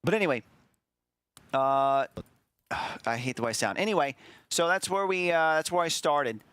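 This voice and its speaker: A man's voice: a little high, normal speed, fairly bright tone, clear, resonant tone, dry recording. A man hosting a stream in casual chat, rambling and self-deprecating as he looks back. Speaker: streamer host.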